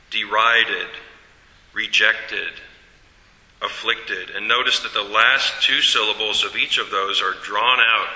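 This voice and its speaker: A man teaching a class about a hymn tune, explaining in a measured way with fillers and self-corrections. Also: lowish voice, bright, forceful tone, roomy sound, long reverb tail, poor audio. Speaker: teacher presenting a hymn study.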